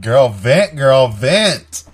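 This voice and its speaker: A man co-hosting a casual podcast chat, chiming in with slow, drawling remarks. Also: mid-range voice, sing-song, noisy background. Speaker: podcast co-host.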